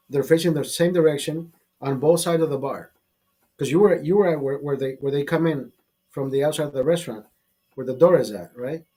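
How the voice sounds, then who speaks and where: A man's voice: on the high side, a little mellow, breathy edge. A man hosting a casual show, telling a rambling, profane story with many restarts and repeated words. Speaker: host.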